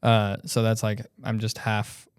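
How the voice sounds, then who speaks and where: A young man co-hosting a podcast in casual chat, teasing his partner and quick with jokes. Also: on the low side, completely flat delivery, clear, resonant tone, dry recording, clean studio sound. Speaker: podcast co-host.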